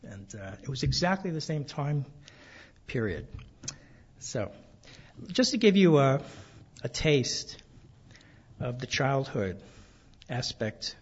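Husky older man telling family stories. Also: mid-range voice, very animated, muffled recording. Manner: soft-spoken, halting with many fillers. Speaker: author reading from his memoir. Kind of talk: casual storytelling then reading aloud.

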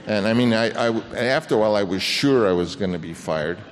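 An older man tells a long anecdote before an audience, his voice sitting low and trailing off in restarts as he acts out the people he quotes. The sound carries a long hall reverb with a faint hum of ambience behind it. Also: fairly quick. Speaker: film director guest. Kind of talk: anecdotal storytelling on stage.

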